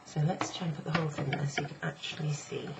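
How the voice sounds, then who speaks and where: A middle-aged woman teaching a casual online French lesson, chatty and explaining step by step while repeating phrases slowly. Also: deep voice, little pitch movement. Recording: slightly dull lo-fi sound with faint noise.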